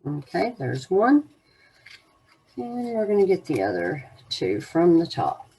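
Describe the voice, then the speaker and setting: Slow, low-voiced woman reading oracle cards. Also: huge pitch swings, mellow, husky. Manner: slow, meandering, musing delivery with many fillers. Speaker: oracle card reader. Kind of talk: unscripted card reading to camera.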